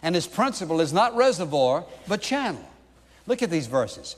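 A man's voice: fairly high pitch, very animated, normal speed, in a large hall. A male pastor preaching a sermon in an emphatic way, pressing his points with repeated rhetorical questions.

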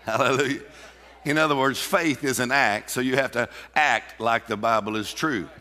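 A man's voice: medium pitch, moderate pace, sharp tone. A man preaching a sermon in a church, emphatic and laughing often as he calls out to the congregation. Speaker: pastor. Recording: reverberant hall.

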